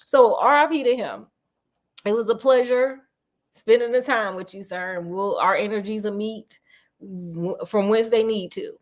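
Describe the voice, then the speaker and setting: A woman's voice: medium pitch, unhurried. A woman hosting a storytelling show, retelling a classic detective tale in a chatty, slangy, digressive way. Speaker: storytelling host.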